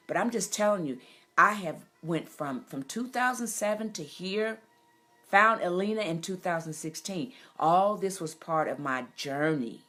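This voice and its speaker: A middle-aged woman giving an emotional personal testimony as host, impassioned and preacherly, rising to near-shouts. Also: fairly low pitch, a little slow.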